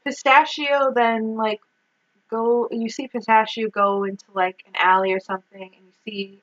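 Laughing, chatty woman with a bright voice. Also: fairly high pitch, moderate pace, dull audio. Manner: animated, laughing, heavy use of "like". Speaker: podcast co-host. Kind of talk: casual movie recap chat.

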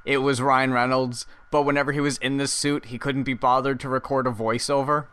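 A man's voice: mid-range voice, flat delivery, brisk, fairly bright tone, clean tone. A man co-hosting a podcast, trading dry, wry remarks in casual chat. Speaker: podcast co-host.

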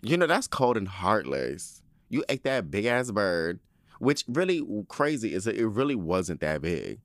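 A man tells a story in a loose, profane, indignant rant and laughs often. His pitch leaps around as he gets worked up. The sound is dry and close, with no room around it. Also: measured pace, no room sound. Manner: profane, animated, indignant ranting; frequent laughter. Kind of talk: casual storytelling monologue.

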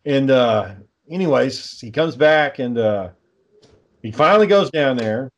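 A podcast host tells a long story in casual chat, sounding exasperated and swearing often. He's a lively storyteller with a medium-pitched voice and a measured pace.

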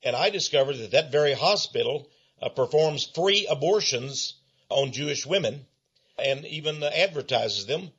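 Man hosting, husky higher voice, storytelling, slightly muffled audio. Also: lively intonation, moderate pace, fairly bright tone. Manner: storytelling, hesitant fillers. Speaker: host. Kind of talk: podcast interview talk.

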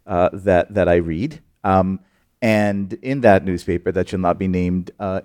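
A man with a fairly low voice moderating a panel discussion. He speaks in a halting, measured way, pausing often on "um" as he builds his questions. The sound is dry and close. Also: darkish tone, dry recording. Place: stage before a live audience.

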